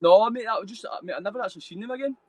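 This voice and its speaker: A young man from Scotland, with a Scottish accent, joins a live video call as a guest for a casual storytelling interview. He talks fast in a fairly high voice, his stories spilling out in loose, rambling runs as he swears freely and drops mate and bro into nearly every line. The recording is rough but has no echo.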